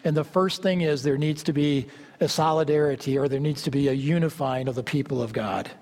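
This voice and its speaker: A male preacher delivering a fervent sermon, swinging between loud exclamations and low asides. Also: fairly even intonation, fairly quick. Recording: long hall reverb.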